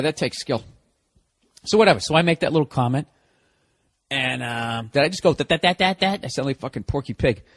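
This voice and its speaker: A man's voice: on the high side, breathy edge. A man hosting a comedy podcast, delivering a casual monologue of profane, exasperated ranting.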